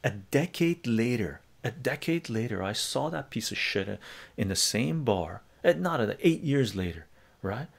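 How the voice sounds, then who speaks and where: A man's voice: medium pitch, sing-song, unhurried, creaky. A male live stream host telling a story in a heated, profane rant during a casual chat.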